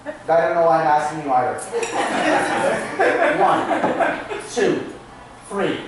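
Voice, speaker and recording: A man's voice: fairly high pitch, lively intonation, slow, background noise. A man performing as a stage magician, bantering playfully with volunteers and poking fun at himself. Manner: playful, self-mocking, chatty with asides. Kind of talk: comic stage patter with volunteers. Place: small theatre stage, live audience. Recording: echoey, distant live room recording.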